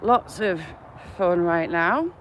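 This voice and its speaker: Walking a countryside path on a live stream, a woman chats and laughs with viewers, greeting each by name. Her voice is on the low side and animated, her pace is slow, and there is slight background noise.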